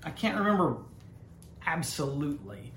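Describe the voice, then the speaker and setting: A man with a slightly high, a bit bright voice, big pitch swings, and a moderate pace co-hosts a podcast. In a casual chat he teases his partner and tells history anecdotes wryly, recorded in a roomy space with faint noise.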